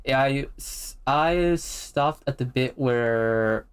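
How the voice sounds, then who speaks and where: A man hosting a casual chat, telling stories in a relaxed, rambling way. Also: medium pitch, very slow, clear, resonant tone. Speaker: host.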